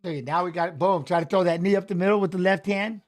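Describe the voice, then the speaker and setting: High-voiced chatty man calling a fight. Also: quick pace. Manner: chatty, coaching fighters aloud, excited calls. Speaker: watch-along host. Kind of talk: casual live fight commentary.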